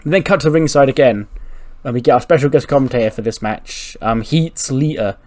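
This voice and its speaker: A man's voice: mid-range voice, brisk, darkish tone. Casually swearing man narrating a game. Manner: swears freely, laughs, rambling. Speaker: gaming channel host. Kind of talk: casual let's-play narration.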